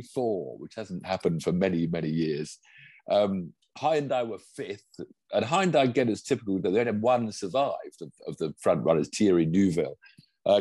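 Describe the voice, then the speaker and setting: A man's voice: fairly low pitch, warm tone, dry recording. An older man chatting on a podcast, enthusiastic and rambling, often restarting his sentences. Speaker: podcast co-host and pundit. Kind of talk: casual chat.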